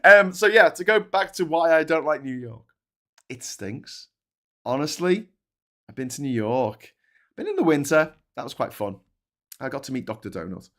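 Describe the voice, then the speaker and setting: A man's voice: on the high side, very animated, normal speed, fairly bright tone. A British man hosting a live stream, chatting casually and rambling, with lots of restarts and asides. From Britain. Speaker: host of a live stream show.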